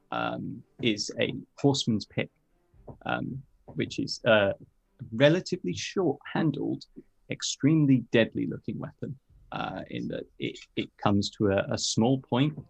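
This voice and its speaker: A man describing his character in a tabletop game, speaking in a halting way with frequent ums. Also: fairly low pitch, creaky, low-quality recording. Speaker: player.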